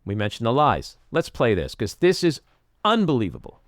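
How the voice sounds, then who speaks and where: A man's voice: wildly swooping pitch, moderate pace, no echo, clean studio sound. A man hosting a podcast, delivering an emphatic political commentary monologue and acting out quotes. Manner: emphatic, acts out quotes with rising pitch. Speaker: podcast host.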